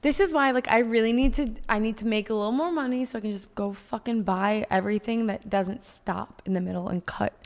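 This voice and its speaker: A woman's voice: on the high side, a little fast, hardly any pauses. Swearing woman podcast host, echoey. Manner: candid, swears freely. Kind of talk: casual chat. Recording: room with long reverb.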